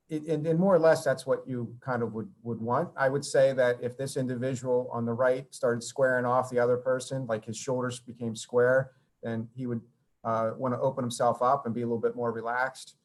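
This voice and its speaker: A man giving a hesitant, casual answer in a webinar, with many fillers and hedges. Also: medium pitch. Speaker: webinar participant.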